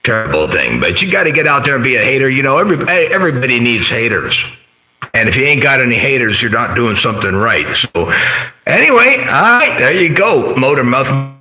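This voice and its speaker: A man on the CB radio who talks in an animated, lively swing, with a very bright, sharp edge to his voice. He rambles along in radio slang and sign-offs. The room around him is echoey. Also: medium pitch, fairly quick. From central coast of California. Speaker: CB radio operator hosting a live stream. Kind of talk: casual radio chat.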